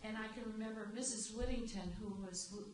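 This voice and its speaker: A woman on a library panel recalling a friend, speaking in an unhurried way with pauses. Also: on the high side. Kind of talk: reminiscing on a panel. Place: library event room. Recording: echoey hall from far off with noise.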